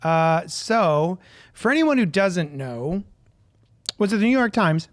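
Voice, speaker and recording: A man's voice: high voice, very animated, takes it slowly, no echo, clean studio sound. Jokey man podcast co-host. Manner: jokey, self-mocking storyteller. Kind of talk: casual chat.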